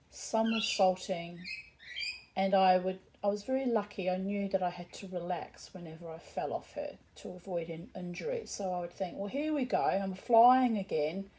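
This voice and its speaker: A middle-aged woman recounts a personal memory at an unhurried, drawn-out pace. She rambles, corrects herself mid-sentence and drops wry asides along the way. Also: medium pitch, warm tone, poor audio. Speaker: storyteller. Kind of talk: personal storytelling monologue.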